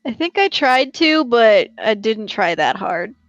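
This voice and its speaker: A woman's voice: a little high, big pitch swings, a little slow, no room sound. Sarcastic woman co-host, dry dull sound. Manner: dry, sarcastic, laughs often. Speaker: podcast co-host. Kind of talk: casual chat.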